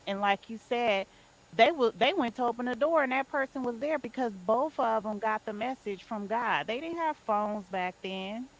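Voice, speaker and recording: A woman in a casual group chat, blunt and unhurried, laughing between her points. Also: mid-range voice, fairly bright tone, poor audio. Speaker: podcast participant.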